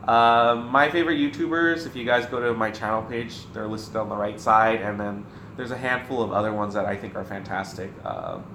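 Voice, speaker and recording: A man from the American South co-hosting a casual Q&A vlog, rambling and animated with lots of filler words. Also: lowish voice, fairly quick, roomy sound, noisy background. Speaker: co-host. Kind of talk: casual Q&A chat.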